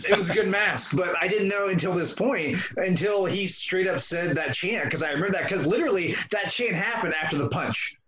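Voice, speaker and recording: A man telling wrestling stories as a podcast guest, animated and often breaking into laughter. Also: sits high, a little fast, few pauses, highs cut off, a loud crowd. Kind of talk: casual storytelling.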